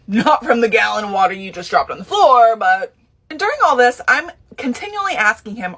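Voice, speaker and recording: A woman chatting casually to the camera while getting ready, telling a story in an animated, dramatic way. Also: mid-range voice, quick pace. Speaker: nurse.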